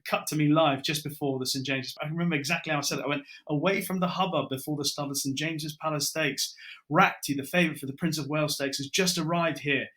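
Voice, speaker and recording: A middle-aged British broadcaster spins stories in an easy podcast chat. His voice is bright and clear. He slips into the lines he and others said as he tells each tale. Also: a little high, fast talker. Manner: lively storyteller, acts out his own quotes. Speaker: broadcaster guest. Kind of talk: casual podcast chat, anecdotes.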